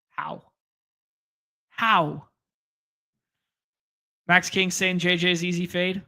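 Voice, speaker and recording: A man's voice: fairly high pitch, pushed and bright. A man hosting a casual fantasy sports live stream, rambling and joking as he reads out chat comments and talks through picks. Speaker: fantasy sports podcast host.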